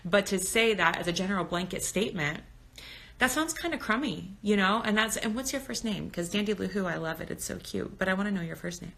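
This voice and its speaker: A woman's voice: medium pitch, brisk, creaky, fairly bright tone. A woman in her thirties chatting casually and candidly on a phone live stream, answering viewers' comments. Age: 30s. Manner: candid, talkative, reads comments aloud. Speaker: birth educator on Instagram live.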